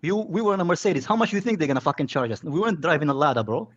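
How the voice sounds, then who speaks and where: A man's voice: on the high side, expressive, dull audio, noisy background. A man from Israel hosting a casual livestream chat, swearing and calling everyone bro. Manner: fast, swearing, says bro a lot. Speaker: streamer host.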